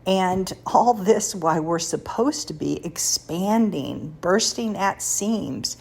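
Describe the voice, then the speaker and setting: Husky woman in her sixties, slow and confiding. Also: on the low side, lively intonation. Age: 60s. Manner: warm, confiding, laughs between thoughts. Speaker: podcast host. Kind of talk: personal faith talk.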